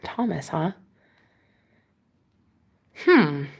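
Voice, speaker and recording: A woman's voice: deep voice, sing-song, drawn-out words, vocal fry, husky. Sassy woman ranting to her chat. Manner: sassy, dramatic storytelling, swears freely. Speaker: vlogger talking to live chat. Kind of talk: casual livestream chat.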